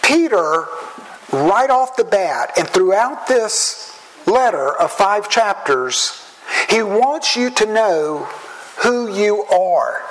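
Slow-spoken Southern American preacher. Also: male voice, sits high, big pitch swings, fairly bright tone, low-quality recording. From southern United States. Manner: measured, slow and earnest, with drawn-out words. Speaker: pastor. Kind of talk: sermon. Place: church.

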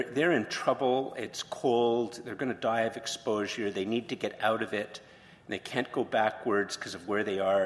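Casting: male pastor, low voice, storytelling sermon, long hall reverb, faint room noise. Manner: retells a story, then poses questions.

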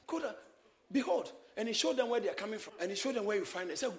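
A man preaching a sermon, shouting and exhorting his congregation in call-and-response. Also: high-pitched, lively intonation, fast. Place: church hall with congregation. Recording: echoey church hall, crowd behind.

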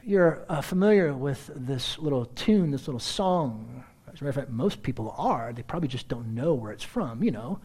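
A middle-aged male pastor preaching a sermon, telling stories in a lively, conversational way and often clearing his throat. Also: medium pitch, moderate pace, slight background noise. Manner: animated storyteller, conversational asides, frequent throat-clearing.

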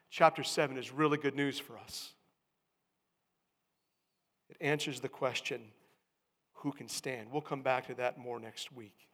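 A man's voice: medium pitch, steady tone, measured pace, long pauses. Reverberant preacher, a man. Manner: swings from hushed to loud emphatic calls. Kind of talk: sermon.

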